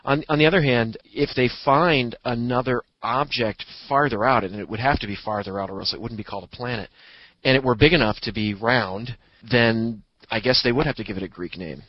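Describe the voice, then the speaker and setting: A man's voice: mid-range voice, fairly quick, dry recording. A man, an astronomer, chatting casually on a podcast and explaining things with a fondness for puns. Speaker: astronomer guest. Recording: dull lo-fi recording.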